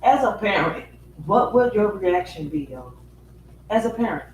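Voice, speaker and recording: Host: man, high voice, chatty commentary, distant echoey room. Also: very animated, measured pace. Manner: loose, chatty, with many fillers. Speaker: reaction video host. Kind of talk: casual commentary. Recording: echoey room, away from the mic, faint noise.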